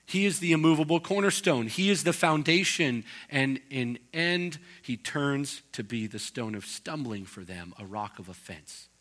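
A man's voice: mid-range voice, animated, moderate pace, hardly any pauses, fairly bright tone. A man, a pastor, preaching a conversational expository sermon and acting out quotes as he goes.

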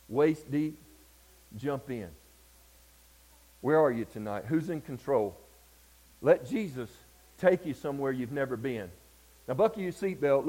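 A man from Georgia with a Southern accent, preaching a sermon and telling stories, often calling out for an amen and moving between loud passages and hushed ones. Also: mid-range voice, poor audio. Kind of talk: sermon with storytelling.

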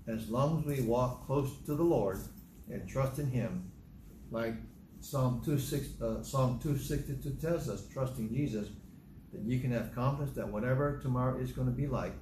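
A medium-pitched man preaches through a psalm, alternating between reading the text aloud and retelling it in an everyday storytelling manner. The room is echoey and there's background noise.

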